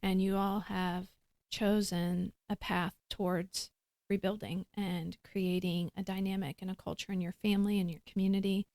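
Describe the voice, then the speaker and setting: A woman hosting a podcast, speaking softly and earnestly as she closes the interview. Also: medium pitch, level tone, moderate pace, dry recording. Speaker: podcast host. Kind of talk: interview closing remarks.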